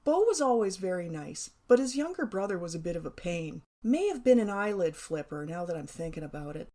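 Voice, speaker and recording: A woman's voice: fairly low pitch, sing-song, fairly quick, dark tone. A middle-aged woman reading her own childhood memoir aloud, wry and playful. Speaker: memoir narrator.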